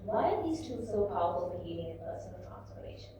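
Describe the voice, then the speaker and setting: A woman's voice: fairly low pitch, big pitch swings, fast talker, dark tone, a little hiss or hum. A woman hosting a question-and-answer session, asking questions in a conversational way with lots of fillers. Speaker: event host. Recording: echoey hall, distant mic.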